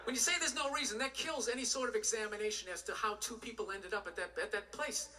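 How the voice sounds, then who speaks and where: A man's voice: high voice, fast, sharp tone, recorded from a distance. A man doing a stand-up comedy routine, ranting and exasperated, with plenty of profanity.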